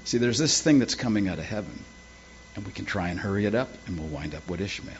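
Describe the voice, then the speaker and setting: A man's voice: fairly low pitch, lively intonation, quick pace, slight background noise. A man preaching a sermon with folksy, humorous storytelling. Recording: dull lo-fi with faint ambience.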